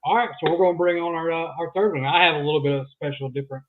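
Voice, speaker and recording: A man's voice: a little high, rapid-fire. A man hosting a live show, talking hesitantly with stumbles and fillers. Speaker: host. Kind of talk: casual live show banter. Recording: tinny phone-like line.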